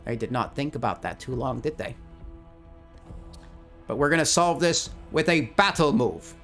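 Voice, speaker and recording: A man narrating his solo tabletop role-playing game and reading out rules, who gets excited by dice rolls. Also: medium pitch, moderate pace, faint music behind. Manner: excitable, laughs at dice results.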